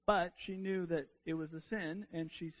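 A man's voice: fairly high pitch, fairly even intonation, moderate pace, dull audio. A man preaching a sermon in an earnest way, often repeating words as he restarts a sentence.

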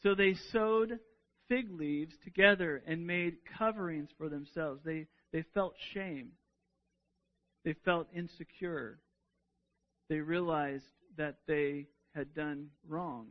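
A man with a high voice preaches a sermon at an unhurried pace. He speaks earnestly and often repeats a word as he restarts a thought. The recording sounds dull and lo-fi.

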